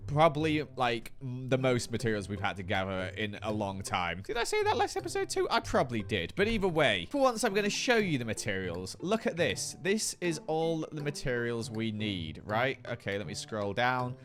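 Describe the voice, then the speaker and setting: A man's voice: mid-range voice, normal speed, few pauses. Guy doing silly self-mocking minecraft commentary, very bouncy voice. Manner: jokey, self-mocking, animated. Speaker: Minecraft YouTuber. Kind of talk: playful gaming commentary.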